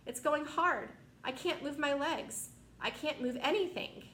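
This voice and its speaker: A woman reading a storybook aloud and voicing a bossy, sharp-tongued male centipede with a shrill, complaining manner. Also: a little fast, natural voice. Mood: panicked. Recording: echoey room, faint noise.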